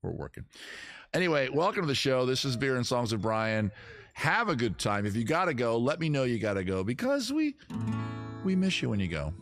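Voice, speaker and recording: A man's voice: medium pitch, very animated, fairly quick, over music. A man hosting his own live stream, chatting casually to viewers with jokey, self-mocking asides. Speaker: streamer host.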